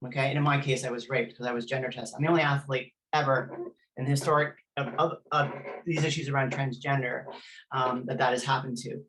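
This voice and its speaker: A woman's voice: extremely low pitch, steady tone, brisk, low-quality recording. A woman, a former elite athlete, earnestly recounting her own history as an interview guest, often restarting her sentences. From Canada. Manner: earnest, intense, frequent restarts while recounting.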